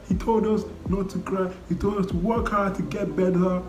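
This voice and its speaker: A man's voice: high voice, normal speed, darkish tone. Emotional young man in a roomy echo. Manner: emotional, exclamatory, repeats "no, no, no". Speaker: anime reviewer. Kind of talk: casual spoken review. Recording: roomy echo, faint background music.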